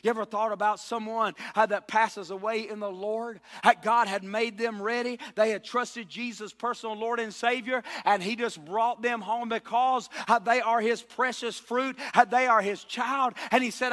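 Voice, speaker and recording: A high, bright-voiced man preaching with fervor, rising to shouts and sinking low, asking the congregation for amens. His voice rings out through a church sanctuary with a long, lingering reverb. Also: moderate pace, hardly any pauses. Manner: impassioned, rises to shouts and drops low, calls for amen. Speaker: pastor. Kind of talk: sermon.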